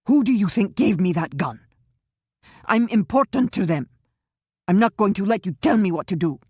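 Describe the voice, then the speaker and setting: A woman's voice: mid-range voice, lively intonation, normal speed, darkish tone, husky, no echo, studio quality, pitched above the performer's own voice. A woman voicing a panicked, boastful middle-aged male captive, frantic and pleading, then blustering. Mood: defiant.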